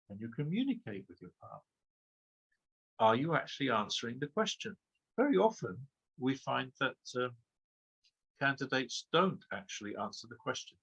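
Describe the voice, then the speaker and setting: Husky-voiced man giving exam tips. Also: medium pitch, fairly bright tone, poor audio. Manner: emphatic, rhetorical questions, frequent "okay?". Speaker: exam trainer. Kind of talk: webinar lecture.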